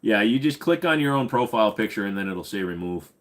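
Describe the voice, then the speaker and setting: A man's voice: fairly low pitch, lively intonation, a little fast. Rambling casual man hosting a livestream. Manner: rambling, profane, lots of fillers. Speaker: livestream host. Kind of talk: casual live Q&A chat.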